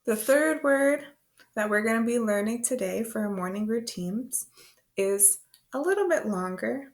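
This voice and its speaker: A woman teaching beginner words to parents, slow and patient, repeating each word in rhythm. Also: medium pitch, a bit bright. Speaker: language teacher. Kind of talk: beginner language lesson.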